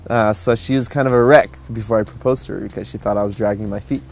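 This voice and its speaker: Lower-voiced, easygoing young man. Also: fairly even intonation, fast talker, vocal fry. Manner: easygoing, chuckling, many fillers. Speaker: groom-to-be telling his love story. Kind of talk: casual interview storytelling. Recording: soft music underneath.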